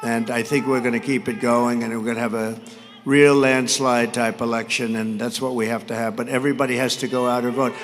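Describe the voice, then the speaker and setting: A man in his seventies giving a rambling campaign rally speech at a podium microphone, brash and mocking, shouting some lines. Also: medium pitch, little pitch movement, fairly quick. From United States. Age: 70s. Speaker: political candidate at a rally. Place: large arena. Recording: reverberant arena with faint crowd noise.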